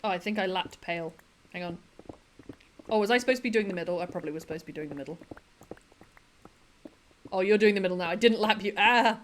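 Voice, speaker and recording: A woman's voice: mid-range voice, fast, pauses often, a little hiss or hum. A woman chatting casually on a livestream, laughing often and quoting comedy lines. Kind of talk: casual chat with chat while gaming.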